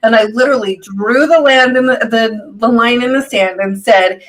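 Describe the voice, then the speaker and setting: A woman's voice: a little high, moderate pace, few pauses, low-quality recording. Chatty woman healer telling stories. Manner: warm storytelling, laughs often, acts out quoted people. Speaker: healer, co-host. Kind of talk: casual live-stream chat.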